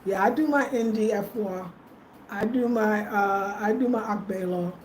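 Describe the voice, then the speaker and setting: A woman's voice: medium pitch, moderate pace, darkish tone. A middle-aged woman from the United States chatting casually with her livestream viewers, thanking them by name as she talks. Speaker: vlogger answering live chat. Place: rural home in Ghana. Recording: echoey room, faint ambient noise.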